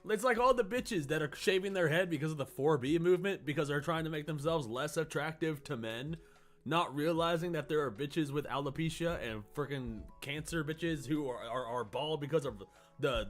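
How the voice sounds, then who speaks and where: Profane, laughing stream co-host. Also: male voice, fairly high pitch, a little fast, soft background music. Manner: profane, laughing, animated rants. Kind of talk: casual reaction chat.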